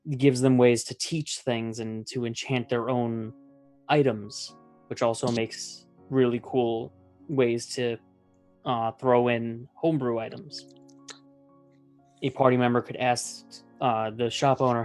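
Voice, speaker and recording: A man hosting a casual tabletop gaming chat, explaining ideas in a relaxed way with fillers. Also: mid-range voice, unhurried, soft background music. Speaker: podcast host.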